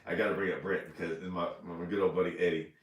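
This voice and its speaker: Guy rambling through a story, kinda low voice, super echoey room off mic. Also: steady tone, quick pace, recorded from a distance. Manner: rambling, laughing, repeats himself. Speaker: fishing show host. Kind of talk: casual storytelling on a livestream. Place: indoors, house room.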